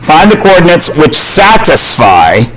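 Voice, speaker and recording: A man's voice: on the high side, big pitch swings, unhurried, crowd noise, low-quality recording. A man teaching a math class, quizzing students and cracking jokes. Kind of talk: classroom lesson.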